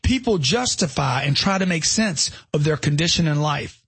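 A man's voice: fairly high pitch, animated, moderate pace, a bit bright, husky, no room sound. A middle-aged man giving motivational narration as a self-help author, emphatic and punchy, firing off rhetorical questions.

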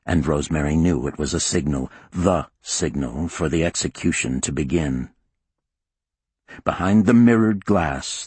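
A man narrating a thriller audiobook in a measured, grave storytelling manner. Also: deep voice, darkish tone, slightly rough, dry recording.

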